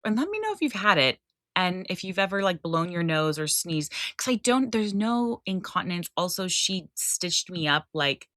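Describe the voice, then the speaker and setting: Woman co-host, low and bright-toned, blunt teasing banter, dry close mic. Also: big pitch swings, normal speed, no room sound. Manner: blunt, teasing, swears casually. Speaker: podcast co-host. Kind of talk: casual chat.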